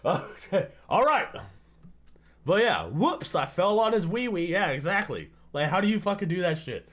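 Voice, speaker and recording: A man's voice: sits high, sing-song, a little slow, long pauses, fairly bright tone. A man hosting a livestream, reacting casually to a video, swearing often, laughing and ranting. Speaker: livestream host.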